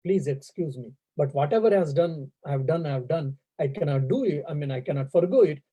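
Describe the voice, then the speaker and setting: A man's voice: fairly high pitch, brisk, dark tone, slightly rough, muffled recording. A man voicing an absent-minded old male scholar who speaks in a polite, formal, apologetic way. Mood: remorseful.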